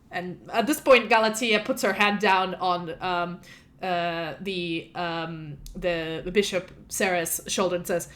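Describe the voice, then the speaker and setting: A woman with a mid-range, slightly bright voice speaks at a normal speed. She's the game master of a tabletop role-playing game, casually narrating the scene. Her delivery is loose and chatty, full of fillers and restarts.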